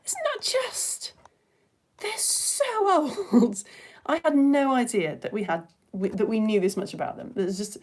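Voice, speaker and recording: Speaking at a medium pitch, a woman from the UK hosts a live science program for kids, addressing the audience directly in an excited, talkative way. The clip was recorded indoors on a phone camera.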